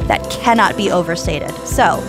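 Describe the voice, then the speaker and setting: A woman co-hosting a chatty podcast, earnest and emphatic, quick to laugh. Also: fairly low pitch, animated, music in the background. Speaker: podcast co-host. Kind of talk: casual chat and read-out plug.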